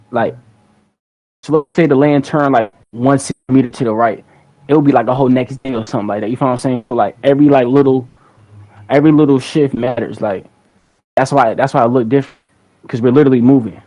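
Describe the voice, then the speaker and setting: A man's voice: mid-range voice, a little fast, pauses often, warm tone, poor audio. A young man hosting a livestream, chatting casually to his viewers in a rambling, slangy way, often repeating words. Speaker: livestream host.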